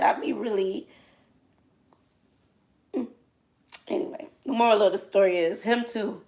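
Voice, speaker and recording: A chatty young woman spins a casual story about her work as a dancer, her fairly high voice carrying a gravelly fry. She talks in loose, colloquial phrasing and slips into soft, hushed asides.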